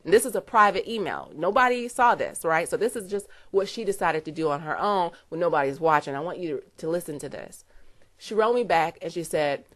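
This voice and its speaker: A woman's voice: lowish voice, expressive, fairly quick, fairly bright tone. A woman giving an earnest, emotional testimonial to camera, close to tears, with many "you know" fillers. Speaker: network marketer giving a testimonial.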